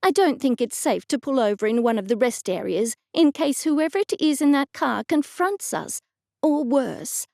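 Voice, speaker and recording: A woman narrator voicing a brisk, bossy older aunt who speaks in a curt, commanding way and is easily exasperated. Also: high-pitched, lively intonation, gravelly, darkish tone, no echo, clean studio sound, pitched above the performer's own voice. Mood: irritated.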